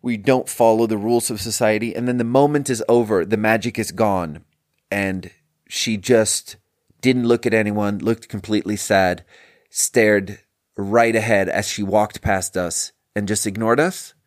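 A man's voice: fairly low pitch, steady tone, measured pace, no echo, clean studio sound. A young man hosting a podcast, talking in a casual rambling monologue full of tangents and restarts. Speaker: podcast host.

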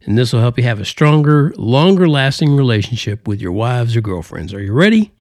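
A man's voice: mid-range voice, very animated, a little fast, darkish tone, dry recording, studio quality. Joking man in a put-on Southern drawl. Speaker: podcast host. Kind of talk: folksy casual monologue.

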